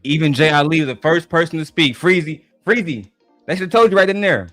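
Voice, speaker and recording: A man hosting a livestream, ranting in a heated, profane, animated way. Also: on the high side, fairly quick, no echo, soft background music. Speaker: livestream host. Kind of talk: livestream reaction rant.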